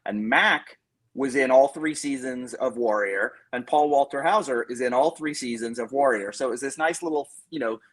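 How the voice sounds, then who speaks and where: A man's voice: mid-range voice, normal speed. A man who grew up in England and now speaks with a mostly American accent with English traces, chatting as an actor guest on a podcast. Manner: chatty storyteller, frequent restarts and asides. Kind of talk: casual podcast interview.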